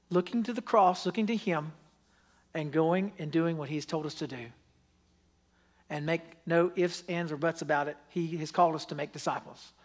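A pastor preaching a sermon, telling stories with acted-out quotes and asking the congregation pleading questions. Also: mid-range voice.

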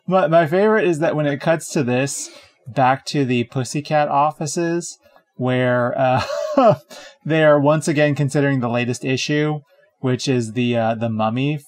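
A man's voice: medium pitch, unhurried. Rambling, hesitant male podcast co-host. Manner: rambling, hesitant, full of ums and likes. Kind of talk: casual film-review chat.

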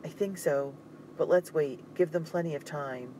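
A man's voice: a little high, normal speed, dark tone, a little hiss or hum, lightly acted, rough recording. A man reading aloud, voicing a frightened but brave young girl who whispers tensely. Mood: hushed.

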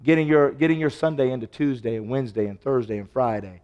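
A man preaching a sermon, telling stories and acting out the dialogue, his voice swinging from loud to hushed. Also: mid-range voice, steady tone, fast, big-room sound, muffled recording. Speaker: pastor. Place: church sanctuary.

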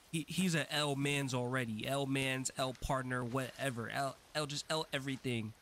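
A man hosting a gaming channel, giving casual, excitable let's-play commentary and swearing freely. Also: mid-range voice, measured pace, slight background noise. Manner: chatty and excitable, swears freely, talks a lot when nervous.

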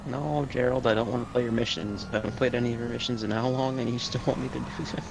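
A man's voice: mid-range voice, fairly even intonation, fast talker, vocal fry. A young man chatting casually while gaming, wisecracking and laughing at his own jokes. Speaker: gamer. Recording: voice chat over loud game noise.

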